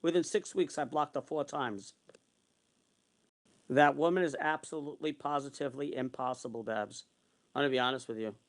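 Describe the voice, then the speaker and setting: A man's voice: medium pitch, moderate pace, pauses often. A man ranting heatedly in a vlog, repeating himself and swearing as he retells his arguments. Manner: long retellings of arguments in quotes. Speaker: vlogger. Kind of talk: angry ranting monologue.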